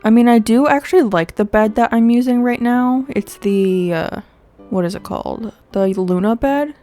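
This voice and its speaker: A young woman with a congested, sniffly voice, rambling through casual gameplay commentary and thinking out loud as she goes. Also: fairly high pitch, moderate pace. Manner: chatty, rambling, thinks aloud with fillers. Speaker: gaming video host. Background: faint game music.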